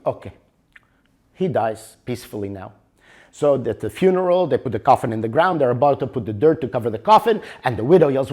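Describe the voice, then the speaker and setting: Animated older man teaching a workshop. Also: medium pitch, a little fast. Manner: animated, keeps asking for agreement. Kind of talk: workshop lecture.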